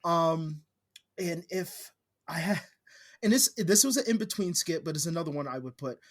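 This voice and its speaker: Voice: medium pitch, normal speed. A podcast co-host in casual chat, talking with animation and swearing casually.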